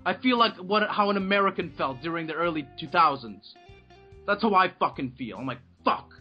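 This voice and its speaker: Angry, swearing man with a high voice. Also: animated, fairly quick, husky. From Russia. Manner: angry profane rant. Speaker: podcast co-host. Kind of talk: casual chat. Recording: dull lo-fi recording with faint music.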